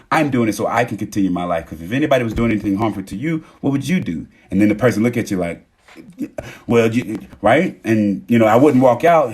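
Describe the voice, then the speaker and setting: A young man with a husky voice giving a rambling, emphatic live-stream monologue on relationships, often acting out what other people say. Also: medium pitch, darkish tone. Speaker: TikTok live host.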